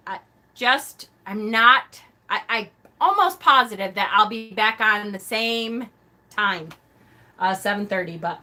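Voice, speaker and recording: A woman hosting a casual live stream, a self-described loud talker who gushes and laughs often. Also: on the high side.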